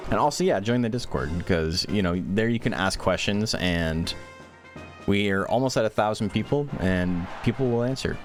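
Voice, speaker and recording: Speaking quickly in a fairly low voice, a man gives casual play-by-play of a monster-raising game tournament while answering questions from chat. Faint music plays in the background.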